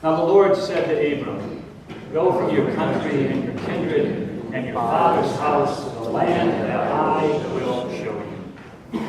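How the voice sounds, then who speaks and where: A man preaching a sermon as pastor, animated and playful, asking his congregation questions. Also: fairly high pitch, normal speed. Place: church sanctuary. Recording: echoey church hall from far off, noisy.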